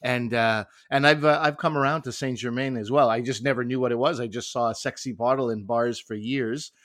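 A man in casual banter, telling self-deprecating stories with a wry edge. His voice is mid-pitched. The recording is dry and close to the mic. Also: fairly even intonation, a little fast, fairly bright tone, no room sound. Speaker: co-host.

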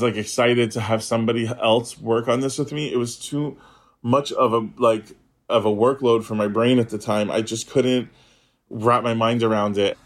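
A young man casually telling a personal story in a chat, animated and acting out the voices of people he quotes. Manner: animated storyteller, acts out quoted voices with big pitch jumps. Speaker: podcast guest.

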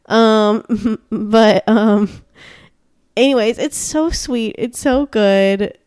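A woman's voice: on the high side, steady tone, extremely slow, darkish tone, smooth, no echo, studio quality. A woman co-hosting a casual chat show, gushing and chatty with lots of fillers and restarts.

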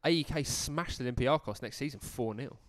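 A man's voice: mid-range voice, brisk, no room sound, studio quality. A man co-hosting a casual football podcast who tells stories in a playful, jokey way. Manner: animated storytelling, playful, jokey. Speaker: podcast co-host.

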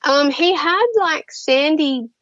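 Speaking slowly in a high, fairly bright voice, this woman chats through her experiences as an interview guest, laughing a lot and often restarting or filling pauses. The audio is dull, with no room sound.

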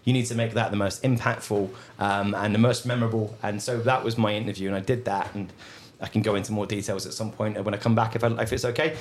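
A young man, a whisky brand ambassador, telling animated anecdotes in casual podcast chat. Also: fairly low pitch, fast talker, hardly any pauses, slight background noise. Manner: animated, laughing anecdotes with acted quotes.

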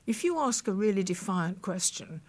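A woman's voice: medium pitch, big pitch swings, normal speed, darkish tone. A woman in her eighties from the United Kingdom, a veteran broadcaster recalling her past thoughtfully as an interview guest, often restarting sentences and quoting what people said. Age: 80s. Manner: thoughtful, with frequent restarts and quoted recollections. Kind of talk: reflective storytelling in conversation.

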